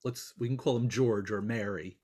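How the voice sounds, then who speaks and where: A man interviewing a guest, asking questions in a measured, deliberate way over a video call. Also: lowish voice, darkish tone.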